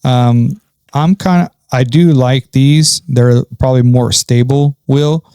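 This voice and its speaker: A man's voice: medium pitch, takes it slowly, warm tone, smooth, no room sound. A man talking casually through a farming game setup, thinking aloud with frequent ums. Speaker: gaming channel host. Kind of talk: casual gameplay commentary.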